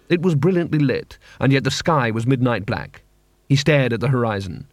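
A man narrating an audiobook in a wry, steady storytelling manner. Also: mid-range voice, normal speed, no room sound, clean studio sound.

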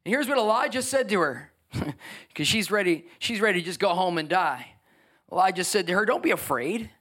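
A man preaching a lively sermon as pastor, acting out the voices of biblical figures. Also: sits high, moderate pace.

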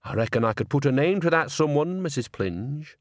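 A man's voice: fairly high pitch, very animated, moderate pace, dry recording, studio quality, voice pushed up. A man voicing a cheerful, sly old woman witch in an audiobook, chatty and folksy. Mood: softly probing. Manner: chatty, folksy, turns quietly menacing.

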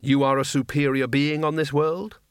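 A man voicing an unearthly empty hooded robe in an audiobook, speaking slowly, flatly and without feeling. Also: fairly high pitch, clear, resonant tone, no room sound, clean studio sound, close to an everyday voice. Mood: detached. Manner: slow, flat, detached.

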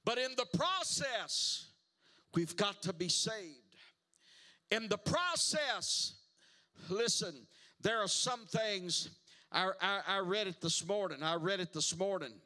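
Pastor, male, high bright voice, slow emphatic sermon delivery. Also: expressive. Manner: emphatic preaching, repeats words and calls for responses.

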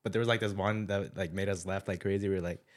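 A man's voice: low-pitched, steady tone, fast talker. A young man telling stories in a casual chat with friends, slangy and laid-back, laughing often. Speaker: podcast co-host.

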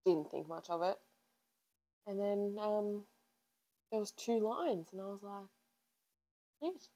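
A woman's voice: mid-range voice, a little slow, dark tone, poor audio. A woman in her twenties, co-hosting a podcast in casual chat and telling a personal story in a chatty way, acting out her own past lines. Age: 20s. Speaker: podcast co-host.

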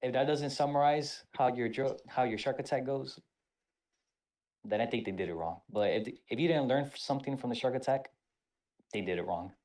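A man hosting a casual podcast chat, an army veteran telling stories in a profane, animated way. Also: medium pitch, normal speed. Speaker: podcast host.

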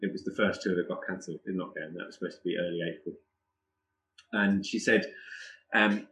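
Man, podcast guest, lively storyteller, lowish voice, echoey room. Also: fairly quick, pauses often, slight background noise. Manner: animated, chatty anecdotes with laughs. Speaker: guest musician.

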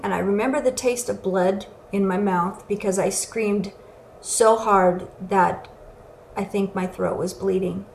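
A woman's voice: mid-range voice, creaky, a little hiss or hum. A woman giving an earnest, emotional personal testimony as a recovery speaker. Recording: echoey room with faint ambience.

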